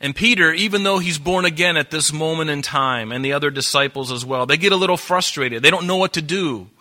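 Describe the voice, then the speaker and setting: A pastor preaching an earnest sermon, often repeating words and acting out Bible dialogue. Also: male voice, a little high, a little fast, sharp tone.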